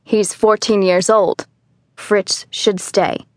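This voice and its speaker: A woman voicing a father in a storybook, a warm but firm family man speaking steadily. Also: medium pitch, steady tone, measured pace, no room sound, lightly acted.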